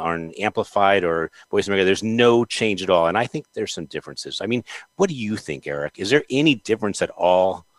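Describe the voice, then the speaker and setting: Deep-voiced joking male host. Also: fairly bright tone, no echo. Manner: joking, playful. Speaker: podcast host. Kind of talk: casual podcast interview.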